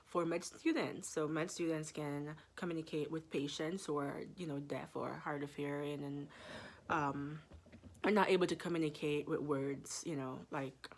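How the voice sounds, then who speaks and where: A woman's voice: low voice, fairly even intonation. A young woman in her twenties, a medical student, telling a story in a casual vlog with lots of fillers and laughter. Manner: chatty, laughs often, drawn-out fillers.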